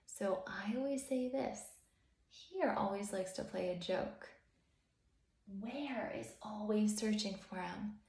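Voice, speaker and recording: A woman's voice: medium pitch, slow, gravelly, darkish tone. A young adult woman teacher hosting an upbeat instructional video, cheerful and encouraging with sing-song emphasis. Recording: echoey room.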